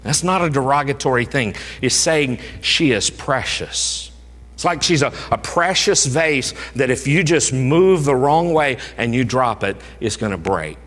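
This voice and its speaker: A male pastor preaching a sermon, emphatic, swinging from raised urging to hushed low tones. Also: unhurried. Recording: reverberant hall.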